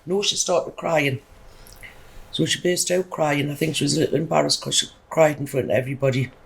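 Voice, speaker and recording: A woman's voice: low-pitched, steady tone, brisk, gravelly, slightly rough, rough recording. A middle-aged woman, chatting emphatically as a podcast guest and telling a rambling personal story. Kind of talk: casual storytelling.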